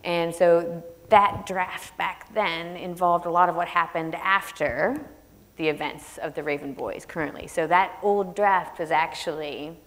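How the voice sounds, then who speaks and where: A woman's voice: on the low side, fairly even intonation, unhurried, a bit bright. A woman author talking energetically onstage, laughing often, then reading her own prose aloud to an audience in an opera house. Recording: long reverb of a large hall.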